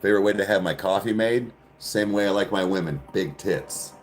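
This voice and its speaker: A man's voice: sits low, fairly quick, faint music behind. Crude, laughing man chatting on a podcast. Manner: crude, rambling, laughs often. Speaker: podcast host. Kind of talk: casual chat answering viewers.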